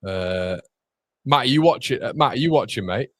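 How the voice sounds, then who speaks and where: Man, livestream host, excitable chatty football reactions, dry close mic. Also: medium pitch, normal speed, no echo. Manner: excitable, chatty, reacting to chat and match action. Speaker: watchalong streamer. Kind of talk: live football watchalong chat.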